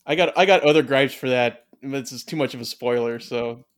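Mid-pitched male co-host; wisecracking and profane, casual banter. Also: brisk. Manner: joking, profane, sarcastic. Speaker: podcast co-host. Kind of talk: casual chat.

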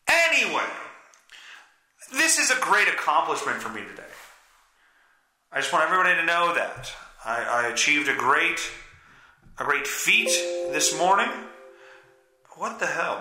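A man's voice: a little high, very animated, moderate pace, sharp tone, roomy sound. A man with a stuffy nose hosting a podcast in a casual, rambling monologue, profane and self-deprecating. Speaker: podcast host.

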